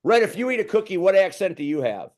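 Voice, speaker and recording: Guy hosting a chill video call chat, teasing everyone, kinda high voice. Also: big pitch swings, fast, darkish tone. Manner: joking, teasing. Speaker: host. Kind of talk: casual group chat.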